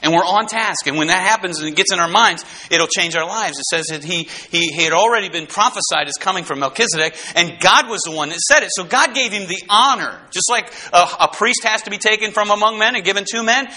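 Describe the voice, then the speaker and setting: Male preacher, high bright voice, folksy and fervent, repeats himself, surges to shouts. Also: brisk, few pauses. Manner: fervent, swells into shouts on key points; folksy, repeats and restarts words. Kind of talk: sermon.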